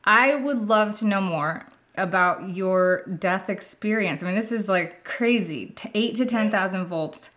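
A woman's voice: medium pitch, unhurried, a bit bright. A woman with a mid-range voice hosts a podcast interview. She speaks casually and enthusiastically, leaning on fillers as she introduces her guest and asks him questions. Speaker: podcast host. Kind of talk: interview hosting.

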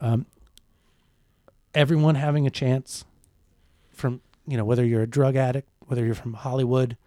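A man telling a comic story with deadpan, mock-solemn delivery in casual chat. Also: mid-range voice, normal speed, dry recording, studio quality. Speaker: podcast co-host.

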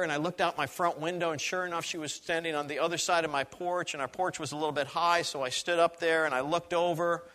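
Bright-voiced man preaching a sermon. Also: a little high. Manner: earnest, animated, repeats phrases. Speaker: pastor. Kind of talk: sermon storytelling.

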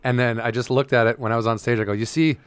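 A man's voice: medium pitch, fairly even intonation, racing, clean tone, dry recording, clean studio sound. A man co-hosting a podcast as a comedian, telling crude stories with acted-out quotes in a casual chat.

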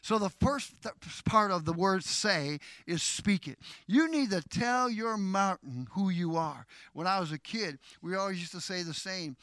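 A middle-aged male pastor preaching a sermon, moving from slow, measured teaching to loud, declaiming exhortation. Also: high-pitched, expressive, no echo.

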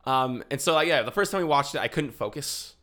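A young man co-hosting a podcast, chatting casually and telling animated stories. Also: mid-range voice, fairly quick. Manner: animated storyteller who acts out shouted quotes. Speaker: podcast co-host. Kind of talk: casual chat.

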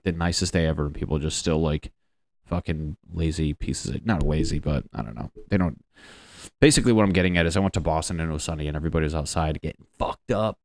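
A young man from Connecticut with a low, deep voice rambles through a casual, profane monologue. He jokes and meanders from one thought to the next, recorded close and dry with no room sound. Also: darkish tone, no room sound. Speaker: vlogger.

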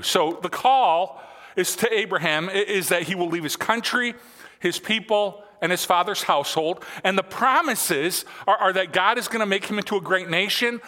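A man's voice: sits high, normal speed, sharp tone, in a large hall. A man in his forties preaching a sermon in a church, telling stories casually with lots of fillers. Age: 40s. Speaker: pastor. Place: church sanctuary.

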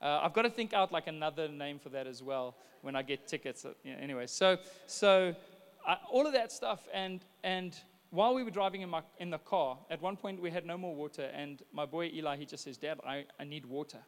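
A man's voice: a little high, lively intonation, a little fast, smooth. A man preaching a conversational sermon, telling stories with frequent restarts. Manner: chatty storytelling with frequent restarts. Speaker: pastor. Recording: long reverb of a church hall.

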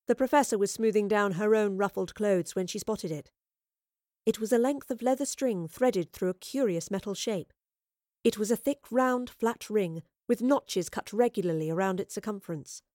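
A woman narrating a storybook reading in a steady, even way. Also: medium pitch, no echo, clean studio sound.

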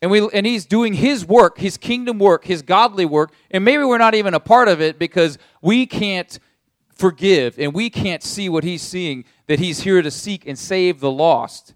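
A man's voice: high-pitched, normal speed, no room sound, studio quality. A man preaching a sermon as a pastor, telling the story vividly and speaking straight to his listeners. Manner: animated storytelling in second person.

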